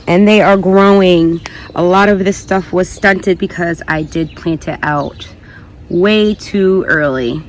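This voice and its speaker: A woman's voice: on the low side, steady tone, unhurried, slight background noise. A woman giving a casual garden tour vlog outdoors, chatty and rambling, thinking aloud and correcting herself as she goes. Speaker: gardening vlogger.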